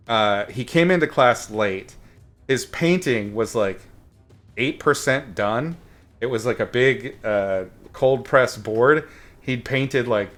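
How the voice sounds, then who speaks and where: A man's voice: mid-range voice, fairly bright tone. A man telling a story in a rambling, casual way while he paints, with many fillers and some blunt swearing. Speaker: painting instructor streaming a painting session.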